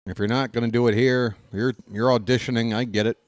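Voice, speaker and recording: A man's voice: mid-range voice, fairly even intonation, fairly quick, no echo. A man ranting sarcastically and with exasperation as a fan commentator, in casual live baseball talk on a close desk mic.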